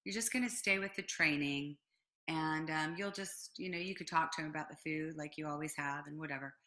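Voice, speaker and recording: A woman's voice: low voice, fairly quick. A middle-aged woman, a business owner guest in an interview, telling a personal story with lots of fillers and acted-out quotes. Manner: animated storyteller, acts out quotes, frequent fillers.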